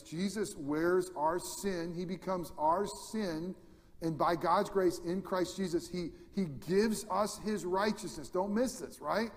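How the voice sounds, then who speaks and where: A male pastor preaching a sermon, swinging between loud emphatic peaks and hushed, almost whispered lines. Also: on the high side, in a large hall.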